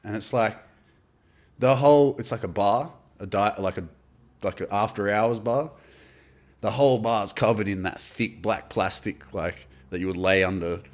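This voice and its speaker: A man's voice: on the low side, moderate pace. Australian man telling a story, casual, profane, lots of "like" and "dude". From Adelaide, South Australia. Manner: rambling, heavy swearing, lots of "like" and "dude". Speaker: podcast guest.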